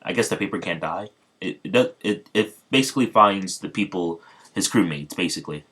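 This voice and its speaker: A man's voice: sits low, brisk, a bit bright, breathy edge. A man casually retelling an improvised fan story, rambling with many fillers and restarts.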